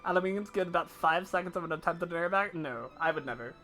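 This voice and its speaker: A woman's voice: fairly low pitch, fast, fairly bright tone, faint music behind. A woman streaming live, chatting casually and laughing easily while answering her chat.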